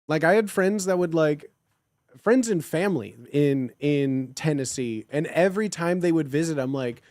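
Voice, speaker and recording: A man's voice: on the high side, normal speed, a little mellow, dry recording, clean studio sound. A man with a Chicago accent, rambling in casual stream chat with plenty of filler "like". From Illinois. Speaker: live streamer.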